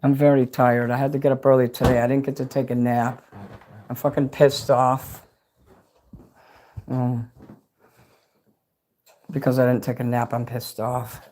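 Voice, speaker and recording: A man's voice: medium pitch, little pitch movement, unhurried, pauses often, darkish tone, slight background noise. Rambling, swearing man livestreaming. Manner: rambling and profane, talks straight to chat. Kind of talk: casual livestream chat with viewers. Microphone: phone.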